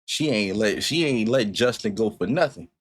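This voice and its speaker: A man's voice: lowish voice, lively intonation, normal speed. A man giving casual reaction commentary on a music album. His voice swings up and down a lot as he talks, and he is blunt and openly annoyed when he dislikes something. He swears casually and talks straight to his viewers.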